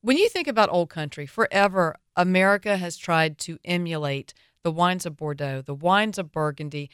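A woman's voice: on the low side, lively intonation, normal speed, clean tone, no room sound, clean studio sound. A woman with a Southern US accent hosting a radio wine show, talking in a chatty, opinionated way with playful asides.

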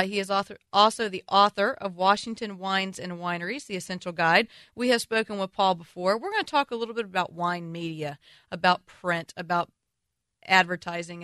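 Bright, playful woman radio host. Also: medium pitch, clean tone, dry recording. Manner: playful, teasing, theatrical. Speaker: radio wine show host. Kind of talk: radio show host banter. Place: radio studio.

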